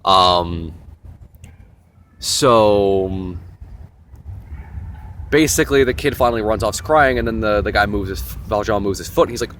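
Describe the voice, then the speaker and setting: A young man hosting a casual vlog, retelling a novel in a rambling, animated way with lots of fillers and asides. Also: lowish voice, measured pace, pauses often, slight background noise. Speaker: host.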